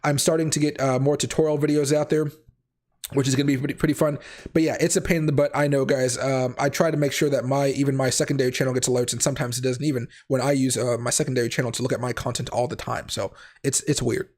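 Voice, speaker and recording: Male livestream host, hoarse with a cold, rapid and rambling, self-correcting. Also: mid-range voice, level tone, a little mellow. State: raspy voice from a cold. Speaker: crypto trading livestream host. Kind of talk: casual livestream chat.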